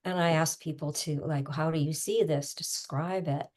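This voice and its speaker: A middle-aged woman coach talking casually, explaining with everyday images and quick asides. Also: deep voice, fairly even intonation, darkish tone. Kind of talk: casual conversational teaching.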